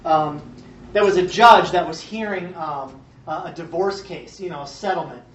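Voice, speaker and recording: A man giving a conference talk to an audience in a casual, halting way with many fillers and restarts. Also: on the high side, fairly bright tone, a little hiss or hum. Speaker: conference speaker. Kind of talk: presentation talk with jokes. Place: conference room before an audience. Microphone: far from the mic. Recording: echoey, muffled room recording from a distance.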